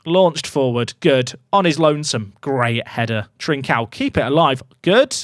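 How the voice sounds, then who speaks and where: A man streaming a football management game, talking to his chat and swinging from low muttering to excited shouts. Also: measured pace, no echo, clean studio sound. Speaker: gaming streamer. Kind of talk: live game commentary to chat.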